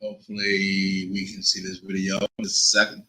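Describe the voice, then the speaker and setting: Dude running a live stream, talking to his viewers, bright voice, easygoing. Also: low voice, monotone, normal speed, low-quality recording. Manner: loose and chatty, talks to viewers as y'all. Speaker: livestream host. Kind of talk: casual livestream commentary.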